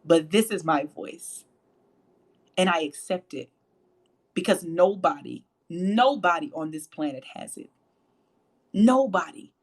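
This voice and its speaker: A woman with a low voice hosting a faith-based motivational livestream, emphatic and preachy, repeating phrases for emphasis. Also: lively intonation, slow pace, pauses often, breathy edge. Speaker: host and motivational speaker.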